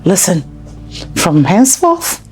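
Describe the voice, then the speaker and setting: A woman's voice: fairly low pitch, big pitch swings, slow, soft background music. An actress with a Nigerian accent playing a gloating woman who plots in whispers. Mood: conspiring. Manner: whispering conspiratorially. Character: conniving woman plotter, gloating. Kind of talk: film drama acting.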